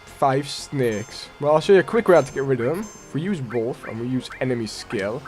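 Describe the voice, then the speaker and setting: A man's voice: mid-range voice, animated, a little fast, a little mellow. Rambling man commenting on gameplay. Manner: rambling, self-correcting. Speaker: let's play host. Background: faint game music.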